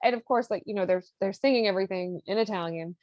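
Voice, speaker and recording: Casual podcast host, woman, swears freely, mid pitch, dull dry recording. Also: quick pace, no echo. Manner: loose and profane, peppered with "like". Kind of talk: casual chat retelling an opera plot.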